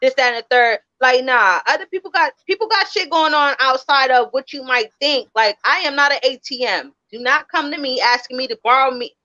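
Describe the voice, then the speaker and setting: A woman's voice: high-pitched, a little fast, few pauses, sharp tone, lo-fi sound. A woman co-hosting a podcast in casual chat, blunt and emphatic. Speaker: podcast co-host.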